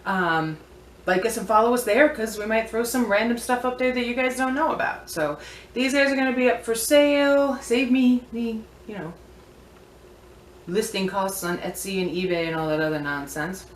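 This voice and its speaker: A woman with a fairly high voice speaks at a normal pace while showing off the vintage antiques she sells. It's a chatty, playful, wandering show-and-tell vlog, with an echoey room and slight background noise.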